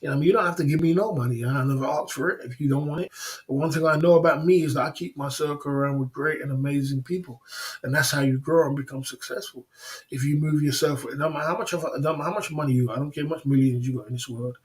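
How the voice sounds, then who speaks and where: A man's voice: on the high side, quick pace. A man hosting a livestream, ranting defiantly in casual chat, often laughing and repeating "you know what I mean". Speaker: livestream host.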